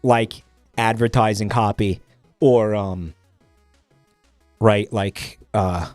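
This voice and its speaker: A man's voice: fairly low pitch, fairly even intonation, takes it slowly, darkish tone, dry recording, soft background music. A young man streaming, chatting casually while reading posts, profane and rambling with many restarts.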